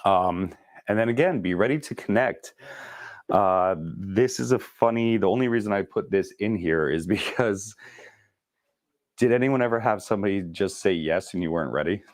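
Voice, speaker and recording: Fast-talking deep-voiced male sales trainer. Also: lively intonation, dry recording. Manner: talks fast, chatty and joking. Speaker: real estate sales trainer. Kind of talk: casual training session.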